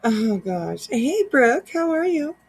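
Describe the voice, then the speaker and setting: A woman's voice: high voice, big pitch swings, takes it slowly, darkish tone, husky. A woman hosting a casual reaction commentary, sarcastic and laughing often, with some swearing. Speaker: commentary channel host.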